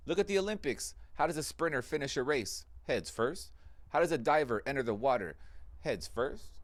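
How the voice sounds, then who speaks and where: A man's voice: medium pitch, normal speed, no room sound. A man doing a stand-up comedy routine, telling profane stories and acting out the people in them. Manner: profane, animated storytelling with voiced characters.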